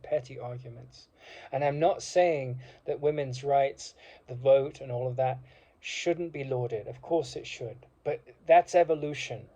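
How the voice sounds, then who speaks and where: Impassioned rambling man, mellow voice. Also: medium pitch, breathy edge. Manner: impassioned, rambling with many fillers. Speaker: speaker. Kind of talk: reflective monologue. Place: university degree course alumnus, speaking informally.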